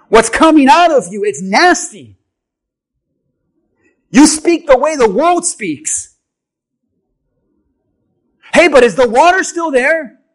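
A man preaching a sermon to his church with an object lesson, animated and swinging from quiet asides to shouting. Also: extremely high pitch. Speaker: pastor.

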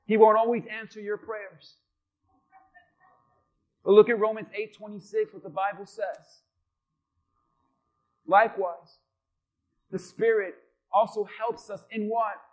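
A man with a strikingly high voice preaches a sermon as a pastor. He speaks straight to the congregation with questions and breaks into short acted-out quotes. The recording sounds dull and lo-fi.

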